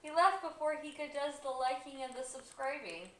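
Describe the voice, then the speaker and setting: A woman's voice: high-pitched, normal speed, a bit bright, echoey room, distant mic. A woman co-host chatting playfully on a stream, reading out viewers' comments. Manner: playful, reads chat aloud. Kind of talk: casual live-stream chat.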